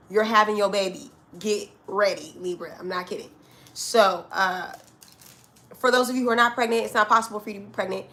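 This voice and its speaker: A woman's voice: mid-range voice, a bit bright. A woman giving a casual collective tarot reading from home. She talks directly to her listeners and calls them honey and child. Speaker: tarot reader.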